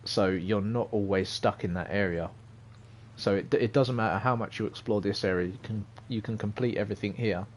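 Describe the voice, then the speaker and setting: With a fairly low voice and a fairly quick pace, a young gaming streamer casually talks over a driving game he's playing live. He's rambling and hesitant, chatting with viewers and reading their messages aloud.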